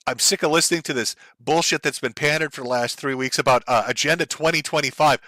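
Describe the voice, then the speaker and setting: This is a man in a livestream commentary rant, and his voice sits a little high with a bright, cutting edge. He is blunt and sarcastic, and he swears freely while he gets heated. His voice sounds close and dry. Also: quick pace, no echo. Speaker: streamer host.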